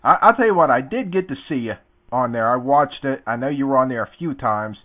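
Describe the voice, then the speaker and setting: A man hosting an interview, chatty and quick to laugh along with his guest. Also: medium pitch, lively intonation. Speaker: interview host. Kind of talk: casual interview. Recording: tinny lo-fi line.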